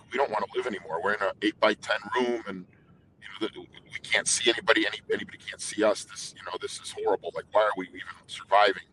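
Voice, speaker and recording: A man's voice: lowish voice, a bit bright, slight background noise, poor audio. Intense, rambling middle-aged man. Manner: intense, rambling storyteller with many restarts. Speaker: guest singer. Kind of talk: casual interview talk.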